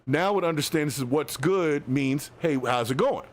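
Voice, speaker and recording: A man's voice: a little high, normal speed. A man hosting a live podcast, talking loosely and directly to his listeners in slangy casual speech. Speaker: podcast host.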